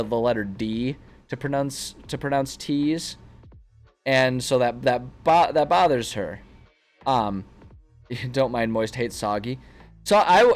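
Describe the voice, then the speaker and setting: A man in a casual stream chat, talking at an ordinary middle pitch as he drifts from one digression to another and restarts his sentences. Faint music plays quietly behind him. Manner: rambling, self-interrupting, chatty.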